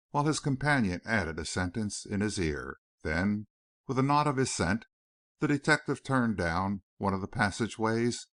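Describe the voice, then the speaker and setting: Low-voiced man narrating an audiobook. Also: fairly bright tone, no echo, clean studio sound. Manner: measured storytelling.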